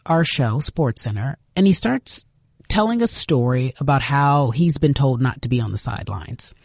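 Lively lady host, dry close sound, pushes her points hard. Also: a bass voice, moderate pace, creaky, dry recording. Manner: lively, emphatic. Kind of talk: podcast narration and interview.

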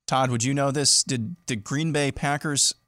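Brisk co-host reading out a list. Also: male voice, medium pitch, steady tone, sharp tone, no echo, clean studio sound. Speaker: co-host reading listener lists. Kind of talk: casual talk-show banter.

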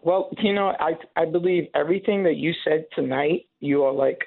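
A man calling in to a radio show, emotional and impassioned, halting with many restarts over a tinny phone line. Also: on the high side, creaky, no room sound. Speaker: caller. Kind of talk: call-in radio caller.

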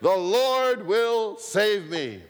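A stubborn man stranded by a flood cries out in a raised, strained voice, voiced by a preacher. He shouts rather than talks. The sound trails off in a long hall reverb. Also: high-pitched, big pitch swings, extremely slow, clear, resonant tone, voice pushed up, full character voice. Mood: shouting stubbornly. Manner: insistent shouting. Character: stubborn male flood victim refusing rescue.

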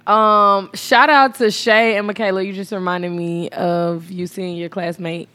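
A young woman co-hosts a podcast in relaxed conversation. She jokes around playfully and laughs often. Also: medium pitch, a little slow. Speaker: podcast co-host. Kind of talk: casual chat.

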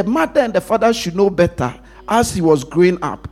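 Male pastor, husky, very animated pitch, call-and-response sermon. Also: a little fast. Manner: call-and-response preaching, lively pitch, drops to a hush for emphasis.

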